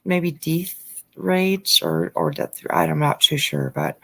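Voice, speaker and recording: A woman's voice: lowish voice, wildly swooping pitch, slow pace, vocal fry, sharp tone. A woman hosting a casual livestream, reading a news story aloud, greeting viewers, and getting heated and swearing, with lots of fillers and restarts. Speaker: livestream host.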